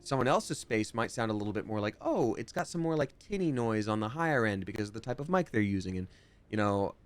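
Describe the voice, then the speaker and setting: Soft background music plays under a fast-talking young man whose voice sits on the low side and is expressive. The streamer and voice actor chats casually while gaming on a livestream from home, rambling and reading viewers' questions aloud to answer them.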